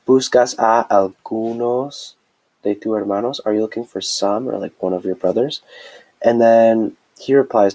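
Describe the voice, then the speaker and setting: A man's voice: lowish voice, creaky, a little mellow, rough recording. A man teaching a Spanish grammar lesson in a recorded screencast, chatty and explaining step by step with frequent checks.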